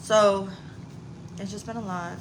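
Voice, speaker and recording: A chatty woman in her forties talks through a live stream like she is catching up with friends, candid and a little profane. Her voice sits at an ordinary pitch, with a steady hum of background noise under it. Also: measured pace. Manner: chatty and candid, swears casually, laughs often. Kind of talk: casual live-stream chat.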